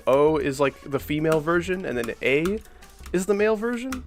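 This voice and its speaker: A man in his thirties rambles casually to his stream chat while he plays, his talk loose and full of filler words. Faint music sits low in the background. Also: sing-song, moderate pace. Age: 30s. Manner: rambling, many "like" fillers, reacts to chat mid-play. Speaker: streamer playing requested game levels. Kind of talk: casual livestream chat answering viewers.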